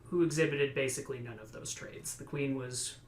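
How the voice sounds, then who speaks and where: A man with a mid-range voice chats casually on a podcast, quick with dry, sardonic jabs. The sound is roomy and echoey. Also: medium pitch, fairly even intonation. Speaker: podcast co-host and player. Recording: roomy echo.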